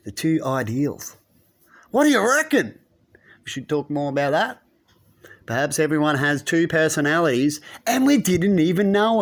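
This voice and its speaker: Man, vlogger, casual rambling monologue, rhetorical questions, fairly high pitch.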